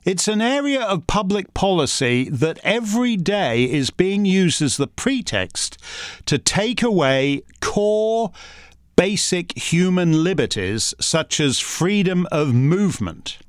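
A man's voice: high-pitched, sing-song, slow pace, no echo, clean studio sound. A man hosting a members' question session, rambling and combative, with many restarts. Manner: reads out listener questions. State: uses a wheelchair. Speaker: host answering member questions. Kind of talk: casual monologue.

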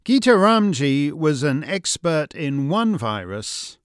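A man hosting scripted commentary in a measured, dryly witty way. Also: on the high side, big pitch swings, clear, resonant tone, no room sound, studio quality. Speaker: commentary host.

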